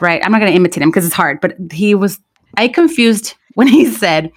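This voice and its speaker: Woman co-host in her 30s, animated storyteller, casual bilingual chat. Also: mid-range voice, brisk. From United States. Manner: animated storyteller, imitates voices in quotes. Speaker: podcast co-host. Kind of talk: casual chat mixing English and Spanish.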